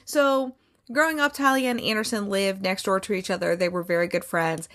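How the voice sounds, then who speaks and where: A woman's voice: mid-range voice, steady tone, brisk, a bit bright. A woman hosting a movie review show, chatting casually in a rambling, sarcastic way with lots of fillers. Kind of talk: casual chat.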